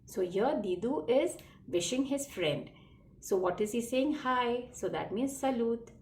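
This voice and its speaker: A woman's voice: fairly high pitch, a little slow, a little mellow. A woman teaching a children's French lesson, patiently repeating phrases and spelling words out letter by letter. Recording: echoey room, faint background noise.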